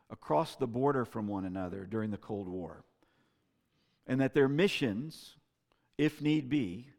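A pastor preaches a sermon in an earnest storytelling way, his voice gravelly and mid-pitched. He swings between louder, brighter passages and quieter, dropped phrases. The sound carries the long reverb of a large hall. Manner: storytelling, earnest, varies loud and soft. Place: church sanctuary.

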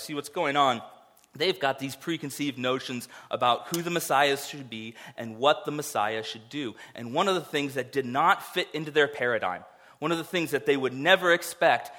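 A man's voice: mid-range voice, pushed and bright. A man preaching a sermon to his church in a conversational way, with rhetorical asides to the congregation. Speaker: pastor.

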